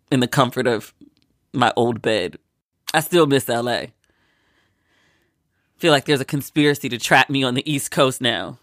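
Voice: medium pitch, fairly bright tone, dry recording, clean studio sound. A vlogger from Maryland, sick with a cold, chatting casually and acting out what people said. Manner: chatty storyteller, acts out quoted lines.

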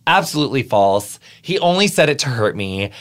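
A man hosting a podcast, chatting in an animated, joking, self-dramatizing way. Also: mid-range voice, brisk. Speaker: podcast host. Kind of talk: casual chat.

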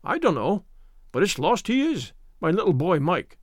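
A tearful, frantic Irish landlady wails in a storybook reading, as a male narrator puts her on. The voice sits high and swings wildly in pitch, with a dry, close sound. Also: wildly swooping pitch, slow pace, pushed and bright, dry recording, exaggerated voice. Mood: wailing. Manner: wailing, tearful. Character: frantic Irish landlady, middle-aged woman.

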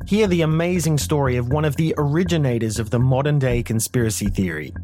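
A man reading a scripted podcast promo in a dramatic, measured storytelling way. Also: mid-range voice, mellow, soft background music. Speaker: promo announcer. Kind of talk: scripted podcast trailer narration.

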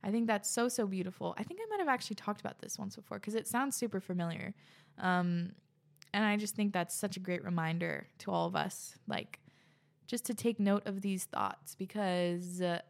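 A woman's voice: medium pitch, animated, moderate pace, gravelly. A woman hosting a podcast in a casual, gushing way, reading listener letters and reacting with lots of "like". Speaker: podcast host.

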